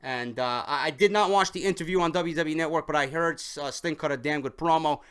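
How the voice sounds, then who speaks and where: A man's voice: on the high side, brisk, fairly bright tone, smooth. A young man casually reviewing a wrestling show, enthusiastic and rambling, swearing constantly.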